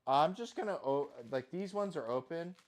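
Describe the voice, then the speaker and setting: A man's voice: fairly high pitch, lively intonation, normal speed. Home-cook vlogger, male, loose and self-deprecating, casual profanity. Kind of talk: casual kitchen chat.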